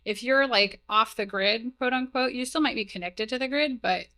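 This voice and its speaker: A young woman speaks at a tech conference in a bright, forceful voice, rambling casually with plenty of fillers and wry asides. Her voice comes through a stage mic over a faint mains hum. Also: on the high side, moderate pace, no room sound. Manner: chatty, heavy use of "like" and "um", self-deprecating asides. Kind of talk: casual technical conference talk. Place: conference room, live talk. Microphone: stage mic, moves away while walking to slides.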